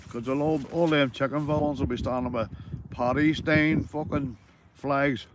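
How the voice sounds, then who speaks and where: Northern Irish man, mid-pitched, casual streaming banter, swears freely, faint ambient noise. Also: steady tone, normal speed. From Northern Ireland. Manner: easygoing banter, swears freely, says "mate" constantly. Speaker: livestreaming angler. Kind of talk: casual chat to livestream viewers.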